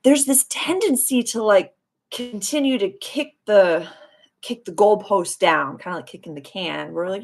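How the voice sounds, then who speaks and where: A woman's voice: medium pitch, lively intonation, normal speed, gravelly, a little mellow. Bubbly woman hosting a livestream. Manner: bubbly, effusive, chatty with many fillers. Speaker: astrology livestream host. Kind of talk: casual live chat with viewers.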